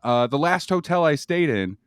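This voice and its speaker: A man's voice: on the high side, expressive, normal speed, smooth, dry recording. Rambling male comedian, dry mic. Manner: rambling, laughing asides. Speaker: guest comedian. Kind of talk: casual comedy podcast chat.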